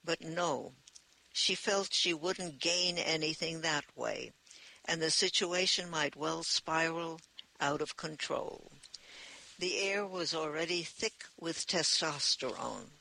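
Slow gravelly man narrating an audiobook. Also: on the high side, sharp tone, poor audio.

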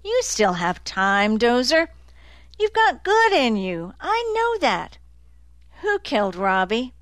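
A woman's voice: a little high, huge pitch swings, slow, dry recording, clean studio sound, voice pushed up, exaggerated voice. A woman voicing a male detective who presses a dying man with urgent, insistent questions.

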